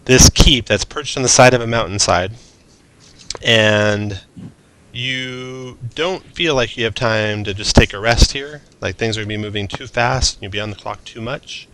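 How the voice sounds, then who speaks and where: A man's voice: on the low side, moderate pace, fairly bright tone, slight background noise. A man narrating as game master of a tabletop role-playing game, mixing descriptive narration with casual asides.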